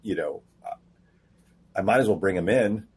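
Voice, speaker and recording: Husky low guy on a podcast, animated storyteller, does voices for quotes. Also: normal speed. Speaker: comic book writer guest. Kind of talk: casual podcast interview.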